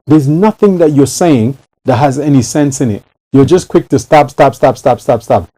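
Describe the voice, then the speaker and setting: A man's voice: mid-range voice, moderate pace, warm tone, soft background music, poor audio. A man in casual chat who talks emphatically and repeats phrases to drive a point home.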